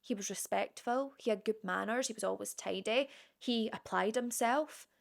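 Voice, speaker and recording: A woman's voice: fairly high pitch, moderate pace, vocal fry. A woman telling a true crime story in a casual, chatty way, with conversational asides to the viewer.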